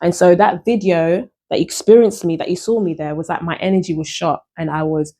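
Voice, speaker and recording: A woman with a lowish, mellow voice speaks briskly and with fairly even intonation. She's a singer and vlogger reflecting casually on her experiences, earnest and searching, in a kind of spiritual self-talk where she often repeats and restarts phrases.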